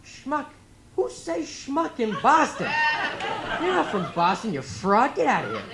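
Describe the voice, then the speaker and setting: A young man playing a prodding college interviewer, slow questions, lively pitch, noisy club. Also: vocal fry, a loud crowd, exaggerated voice. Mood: scornful. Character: probing male college interviewer from Boston.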